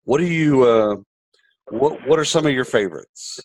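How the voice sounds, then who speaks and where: A man's voice: medium pitch, animated, moderate pace, poor audio. A man in his forties hosting an interview, asking thoughtful questions with frequent hesitations and fillers. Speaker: interview host.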